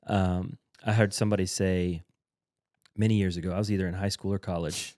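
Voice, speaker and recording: A man's voice: deep voice, fairly even intonation, brisk, darkish tone, dry recording, clean studio sound. A man who leads in a church, a podcast guest explaining his ideas earnestly and step by step. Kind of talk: casual conversational interview.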